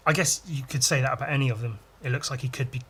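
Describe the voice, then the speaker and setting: A man's voice: medium pitch, quick pace, fairly bright tone, breathy edge. A man hosting a drawing podcast, rambling on his own and telling crude, self-mocking jokes while he works. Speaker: podcast host and illustrator. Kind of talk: casual drawing-podcast monologue.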